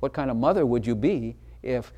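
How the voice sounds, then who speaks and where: A man's voice: mid-range voice, normal speed, mellow. Guy preaching in church, punchy delivery, keeps quizzing the people in the pews. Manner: emphatic, asks the congregation questions directly. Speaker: pastor. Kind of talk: sermon.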